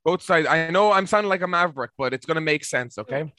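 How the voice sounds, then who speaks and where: An Irish man in young adulthood, a comedian guest telling a story on a casual podcast with deadpan mock seriousness. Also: fairly high pitch, fast, dry recording.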